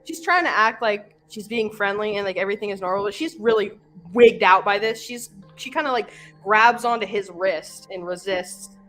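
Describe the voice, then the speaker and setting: A woman taking part in a tabletop game who describes her character's reactions in a chatty, animated way. Her voice sits at an ordinary pitch. Soft music plays behind her. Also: normal speed, few pauses. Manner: chatty, animated, full of fillers. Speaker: player.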